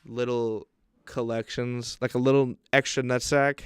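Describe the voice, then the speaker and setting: A young man chats on a podcast, telling a profane story with animated energy and frequent laughter. His voice is smooth and resonant at a middle pitch. The sound is close and dry, with no room around it. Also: a little slow, no room sound. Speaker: podcast co-host. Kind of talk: casual chat, storytelling.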